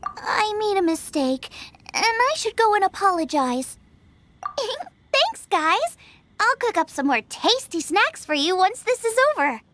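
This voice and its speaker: A woman's voice: extremely high pitch, measured pace, heavily acted. A bubbly young girl chef. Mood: apologetic. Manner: excitable, rambles about recipes. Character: eager young female chef, bubbly and food-obsessed. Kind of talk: game cutscene voice acting. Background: game music.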